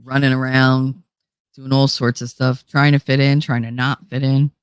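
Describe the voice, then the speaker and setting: Her very deep voice is clear and resonant, held to a level tone at a moderate pace with no room sound. As a livestream host in a casual chat, she answers viewers bluntly and profanely, acting out the people she describes.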